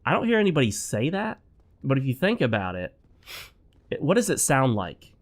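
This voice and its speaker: A man's voice: medium pitch, wildly swooping pitch, normal speed. A man hosting his own gaming channel, chatting casually and with strong opinions while he plays, sounding a bit sick. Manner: rambling, opinionated, talks straight to viewers. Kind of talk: casual gameplay commentary. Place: home.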